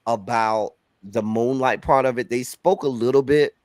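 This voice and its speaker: A man's voice: mid-range voice, normal speed, a little mellow, no echo, studio quality. A man from Miami with a Miami accent, a guest reviewer in a casual movie discussion, earnest and reflective, often restarting his sentences. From Miami, Florida.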